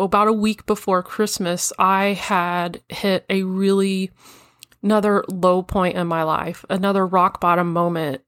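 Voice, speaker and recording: A woman's voice: medium pitch, dry recording, studio quality. Earnest woman podcast host. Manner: soft, earnest, with many fillers. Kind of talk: personal reflective podcast talk.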